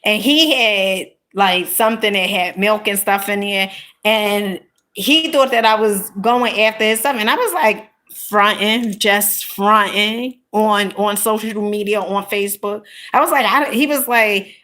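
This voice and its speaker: A woman content creator telling a personal story in a casual, animated monologue, punctuating it with emphatic asides. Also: medium pitch, measured pace. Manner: animated, emphatic, peppered with "honey" and "okay?".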